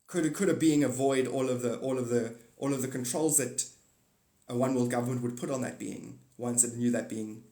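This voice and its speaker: A man's voice: medium pitch, normal speed. Man, livestream host, rambling monologue, answers chat, echoey room. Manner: animated, answers chat comments aloud.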